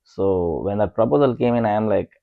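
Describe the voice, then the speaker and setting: A young man with an Indian accent talks casually on a couples podcast, his low voice full of pauses and fillers. The sound is dry and a little dull, recorded close with no room around it. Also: vocal fry, no echo. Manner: hesitant, many fillers, self-deprecating. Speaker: podcast co-host. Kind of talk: casual conversation.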